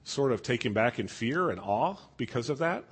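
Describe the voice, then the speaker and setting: A husky-edged, mid-range voice belongs to a man teaching an evening Bible class, moving at a moderate pace with plenty of expression. He walks through scripture in an easygoing, conversational manner and often pauses to ask the class for their thoughts.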